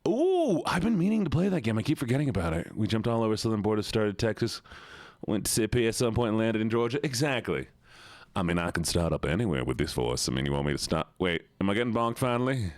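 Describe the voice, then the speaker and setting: A man's voice: lowish voice, animated, quick pace, dry recording, studio quality. Playful streamer man in a put-on Southern drawl. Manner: playful, chatty, laughing, repeats words; putting on a Southern drawl for a viewer redeem. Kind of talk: casual live-stream chat.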